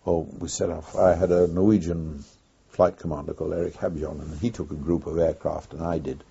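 An older man tells his story in an oral history interview, pausing often and recalling events in an unhurried way. His voice is deep, dark and mellow, and very husky. The recording is dull and lo-fi. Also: little pitch movement. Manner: unhurried, reflective storytelling with frequent pauses. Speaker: former wartime pilot interviewee.

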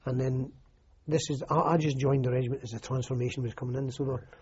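Older Scottish man, husky and mellow. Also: mid-range voice, fairly even intonation, fast. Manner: rambling, anecdotal, frequent restarts and "you know". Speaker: interviewee, army veteran. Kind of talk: oral history interview. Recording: muffled lo-fi recording.

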